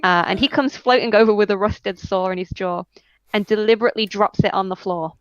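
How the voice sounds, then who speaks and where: A woman's voice: mid-range voice, a little fast, no echo, muffled recording. A woman narrating as game master in a tabletop game, hesitant and full of ums and uhs.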